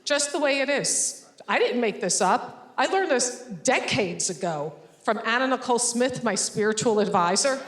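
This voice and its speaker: A woman stand-up comic works a crowd with sarcasm. She acts out quick back-and-forth dialogue in a fairly high voice. The room rings with echo around her. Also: expressive. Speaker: stand-up comedian. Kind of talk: stand-up comedy set. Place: stage before a laughing audience.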